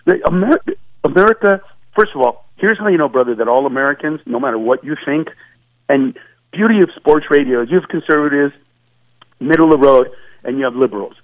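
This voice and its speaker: A man's voice: mid-range voice, animated, a little fast, no echo. A man, a comedian guest, telling jokes in an emphatic, stammering way, acting out voices, heard over a tinny phone line. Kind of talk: animated comedic storytelling.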